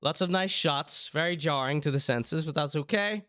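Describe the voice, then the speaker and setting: A man's voice: a little high, moderate pace, fairly bright tone, a little hiss or hum. A man giving teasing, chatty live-stream commentary on clips. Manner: teasing, chatty, mock-outraged asides.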